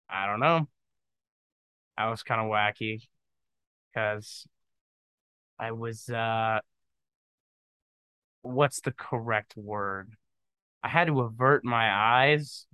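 A man's voice: mid-range voice, sharp tone, clear, resonant tone, no echo. A man talking alone on his podcast in a loose, rambling, jokey way, often tossing in "dude" and trailing off into mumbled asides. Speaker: podcast host. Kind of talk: casual solo monologue.

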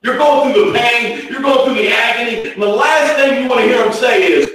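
A man preaching a sermon, swinging from hushed, slow phrases to shouted ones. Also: extremely high pitch. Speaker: pastor. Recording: echoey hall from far off.

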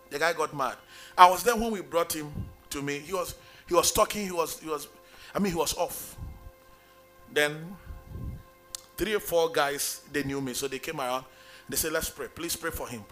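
Male pastor, emphatic sing-song sermon delivery, bright tone. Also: fairly high pitch. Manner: emphatic preaching, sing-song calls for amen.

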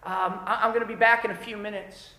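A busy mother calls out for her son's help, mildly insistent, her tone bright and forceful. She is a man putting her on in a sermon story, and the sound carries through a roomy church hall. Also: high voice, level tone, brisk. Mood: asking.

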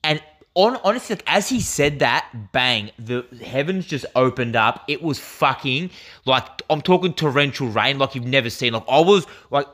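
A young Australian man telling a story on a podcast in relaxed, casual chat. He rambles, leaning on fillers and swearing freely as he goes. His voice sits at an ordinary middle pitch for a man. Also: normal speed. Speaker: podcast co-host.

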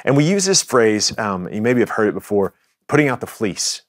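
A man's voice: on the low side, sing-song, normal speed, no room sound, studio quality. A man preaching a sermon as the pastor, in a conversational style with frequent restarts and asides to the congregation.

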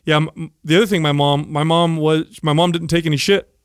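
A man co-hosting a casual podcast tells a story with lively energy, voicing the people in it and swearing freely. His voice sits a little high for a man. The sound is close and dry, with no room in it. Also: brisk, clear, resonant tone, no room sound. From San Jose, California. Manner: animated storyteller, acts out quotes, swears casually. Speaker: podcast co-host.

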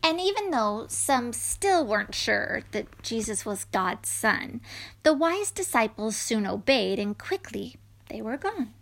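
A woman reading a rhyming children's story aloud in a gentle voice that drops to whispers. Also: fairly high pitch, very animated, a little slow, creaky.

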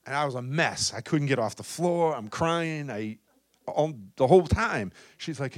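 A man preaching a charismatic sermon, swinging between loud exhortation and soft, intimate asides, often adding "come on" and "right?". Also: mid-range voice, animated, normal speed. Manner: peppers talk with "come on" and "right?".

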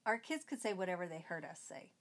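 A woman's voice: on the low side, big pitch swings, fast talker. A middle-aged woman, a mother of many, telling a family story in a rambling way.

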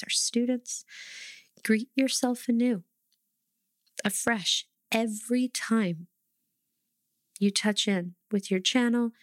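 A woman's voice: mid-range voice, no room sound. A woman talks through tarot and intuition in a loose, earnest teaching style. She leans hard on key points, swears casually and plays out inner voices. Her voice sits mid-range and sounds dry and close. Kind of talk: casual spiritual teaching talk.

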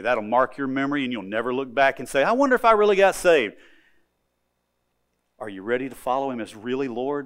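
A male preacher delivers a sermon as a vivid story. He talks with emphasis and often repeats words as he drives his points home. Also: mid-range voice.

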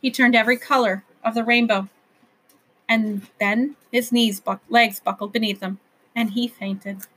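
A woman reading a children's novel aloud as narrator, with gentle, expressive storytelling. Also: a little high, measured pace, breathy edge.

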